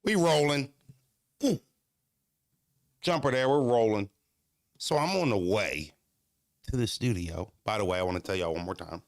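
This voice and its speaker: Chill guy reacting to clips, gravelly voice, dry close sound. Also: on the low side, animated, normal speed, long pauses, no room sound. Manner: laid-back, swears freely, often laughs. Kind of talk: casual reaction chat.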